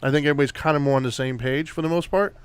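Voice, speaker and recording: A man's voice: a little high, steady tone, very fast, smooth, no echo. A man co-hosting a casual live talk show, friendly and easygoing as he introduces guests. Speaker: co-host.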